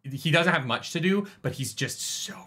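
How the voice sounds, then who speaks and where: Casual male stream host, expressive and sharp-toned, curses freely. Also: on the high side, normal speed. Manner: animated, swears freely. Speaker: podcast co-host. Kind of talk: casual livestream book chat.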